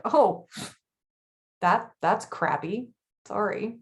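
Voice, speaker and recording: A woman in her thirties co-hosting a casual chat, blunt and chatty with quick laughs. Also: mid-range voice, lively intonation. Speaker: podcast co-host.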